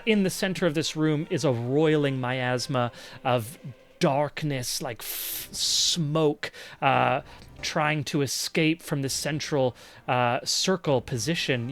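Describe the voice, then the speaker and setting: Unhurried man narrating as game master. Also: fairly high pitch, fairly bright tone. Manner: descriptive, unhurried, with frequent ums and uhs.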